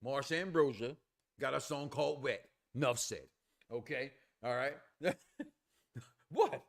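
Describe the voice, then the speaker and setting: A man co-hosting a casual review show, loud and playful, crude jokes, acting out the characters as he recaps. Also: mid-range voice, a little slow, gravelly.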